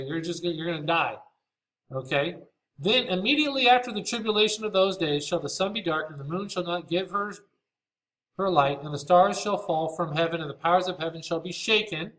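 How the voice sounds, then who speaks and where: A man's voice: high-pitched, a bit bright, rough recording. A man teaching Bible prophecy over slides. He reads scripture passages aloud and explains them in a casual way, often checking in with "okay?". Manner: reads scripture aloud in old-fashioned wording.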